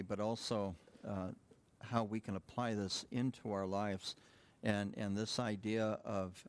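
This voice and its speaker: A man preaching a sermon as a pastor, conversational and halting, with frequent fillers and restarts. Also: on the low side.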